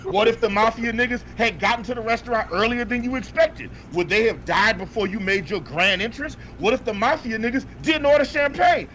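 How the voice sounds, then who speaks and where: A man with a high-pitched voice tears into a movie in a comedic, profane rant, hammering his points with repeated catchphrases. The audio is dull and lo-fi with a faint hiss underneath. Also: fairly bright tone. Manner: exasperated, profane, repeats punchlines for emphasis. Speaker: podcast co-host reviewing movies. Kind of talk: comedic ranting movie review.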